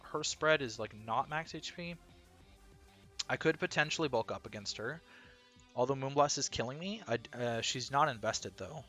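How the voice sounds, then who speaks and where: A man's voice: medium pitch, moderate pace, sharp tone, soft background music. A man commentating his own competitive battle live, thinking aloud analytically with bursts of disbelief.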